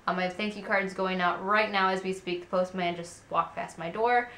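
A woman's voice: fairly low pitch, steady tone, normal speed, a bit bright. A woman in her twenties chatting casually to camera at home as a vlogger, candid and rambling with many fillers. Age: 20s. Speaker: parenting vlogger. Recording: roomy echo.

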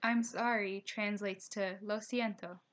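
A young woman with a voice of middle pitch narrates a recorded slideshow lesson. She reads each slide aloud at a steady pace. She slows down to spell out pronunciation points. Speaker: teacher.

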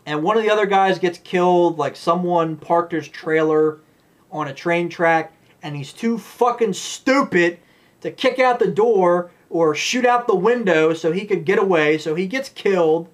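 A man's voice: sits high, a little slow. A man giving a rambling, blunt, profane movie review rant.

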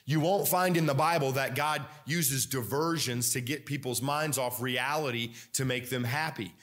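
A man preaching a sermon as pastor. He talks in a conversational, animated way, with many fillers and restarts. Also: mid-range voice, normal speed.

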